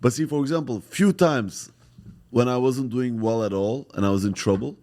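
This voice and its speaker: A man's voice: mid-range voice, moderate pace. A young man from Turkey with a Turkish accent, a comedian guest chatting casually and joking at his own expense. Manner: laughing, self-mocking, animated. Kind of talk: casual chat.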